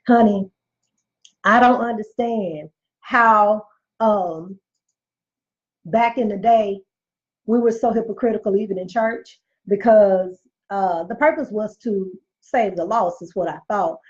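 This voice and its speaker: A woman's voice: mid-range voice, slow pace. A woman in her forties hosting a live show, telling candid stories with emphatic, preachy talk and reading viewer comments aloud. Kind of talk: candid storytelling monologue to viewers. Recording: muffled lo-fi recording.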